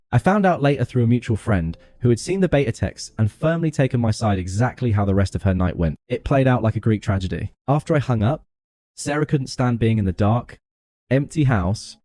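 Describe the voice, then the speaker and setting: A man narrating a first-person story in a calm, even, scripted delivery. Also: mid-range voice, dry recording.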